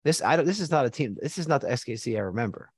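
An American man hosts a loose sports conversation, blunt and quick to swear and joke. His voice sits at an ordinary middle pitch. The sound is close and dry, with no room around it. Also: expressive, breathy edge, no room sound. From United States. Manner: blunt, profane, joking. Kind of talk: casual sports chat.

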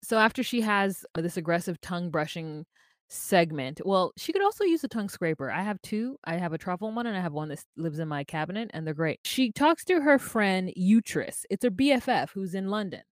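Woman co-host, casual and wry, lower pitch, dead-dry close recording. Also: sing-song, brisk, no room sound. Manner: chatty, wry asides. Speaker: podcast co-host. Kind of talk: casual chat recapping a reality show.

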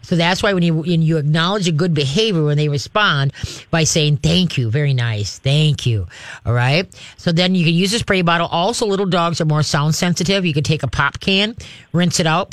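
A man's voice: fairly high pitch, dry recording. A man hosting a call-in advice show as a dog trainer, talking in a folksy, homespun way. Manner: folksy, homespun, animated demonstrations. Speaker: radio dog trainer host.

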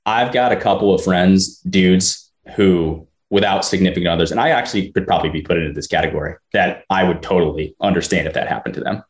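Man, very deep voice, quick pace, casual opinionated chat, echoey room. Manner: opinionated, conversational, swears casually. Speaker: co-host. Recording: roomy echo.

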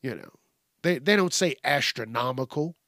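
A man's voice: mid-range voice, expressive, moderate pace, pushed and bright, dry recording, clean studio sound. A man hosting a podcast, giving rambling, profane, casual commentary on the news. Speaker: podcast host.

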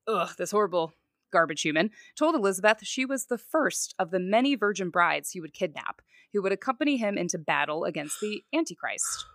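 A woman's voice: medium pitch, expressive, fairly quick, fairly bright tone, no echo, studio quality. A woman co-hosting a podcast, telling a true crime story in a conversational way with casual fillers. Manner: conversational, fillers like "you know" and "like".

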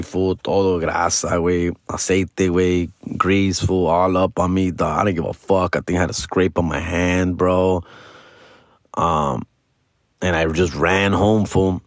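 A man's voice: deep voice, fairly even intonation, unhurried, no room sound, studio quality. Slangy man mixing Spanish into English. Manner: slangy, mixes Spanish into English, calls listener fool and dog. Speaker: podcast host telling a story. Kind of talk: casual storytelling.

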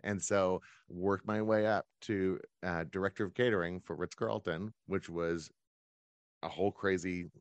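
A man's voice: sits low, no echo. A man who runs his own events business, telling his career story as a guest in a conversational interview.

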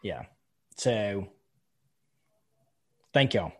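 A man's voice: fairly low pitch, extremely slow, husky. A man co-hosting a podcast, talking bluntly and with animation in casual chat. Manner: blunt and animated, telling stories with quoted speech. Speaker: podcast co-host.

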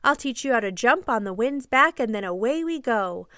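Casting: a sly, coaxing boy who never grows up, as a woman reads him, clear, smooth voice, storybook. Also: a little high, expressive, moderate pace, fairly bright tone, no echo, studio quality.

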